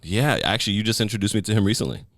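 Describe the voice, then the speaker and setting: A man's voice: lowish voice, rapid-fire, no echo, studio quality. A male podcast host chatting casually, joking and laughing a lot. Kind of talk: casual chat.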